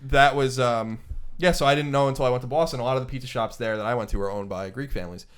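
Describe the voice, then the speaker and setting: New guy rattling off quick blunt opinions on a podcast, mid pitch. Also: smooth. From Long Island, New York. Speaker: podcast co-host. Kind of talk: casual chat.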